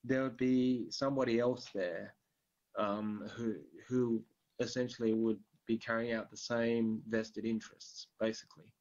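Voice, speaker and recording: A man's voice: medium pitch, flat delivery, a little slow, darkish tone. A man talking politics casually, rambling with many fillers and the odd curse word. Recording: dull lo-fi recording.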